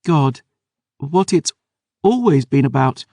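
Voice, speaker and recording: A man's voice: on the high side, expressive, slow, creaky, dark tone, dry recording, voice pushed up, full character voice. A man doing a fierce, defiant teenage girl. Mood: tearful pleading. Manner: pleading, insistent.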